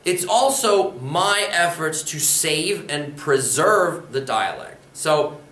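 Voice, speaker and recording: A man's voice: on the high side, expressive, slow pace, a bit bright. A man from Pennsylvania teaching a spoken language lesson, explaining patiently and repeating example phrases. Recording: roomy echo.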